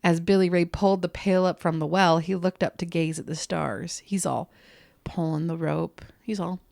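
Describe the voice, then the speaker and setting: A woman with a low, gravelly voice tells a strange tale to her co-host, cracking jokes and swearing as she goes. Her delivery is loose and chatty. The sound is dry and close. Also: steady tone, a little mellow, no room sound. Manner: giggly, profane, jokey retelling with quick asides. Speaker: podcast co-host telling the story. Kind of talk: casual storytelling chat.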